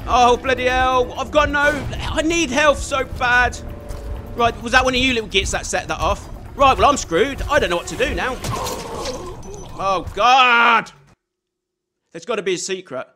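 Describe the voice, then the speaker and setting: A man giving chatty, excitable let's play commentary, swearing mildly and talking to the game character. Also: very high-pitched, a little slow, long pauses, slight background noise. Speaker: gamer.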